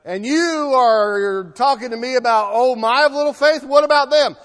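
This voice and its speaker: A flustered apostle Peter stammers out his defense, as a preacher puts him on in the middle of his sermon. The voice rides high, and it rings with a long echoing reverb. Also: normal speed, a bit bright. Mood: protesting. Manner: stammering, protesting. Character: pleading apostle Peter, a defensive grown man.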